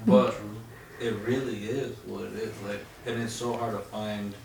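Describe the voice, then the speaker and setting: Man panelist, low voice, blunt and casual, echoey room with faint noise. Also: steady tone, unhurried, creaky.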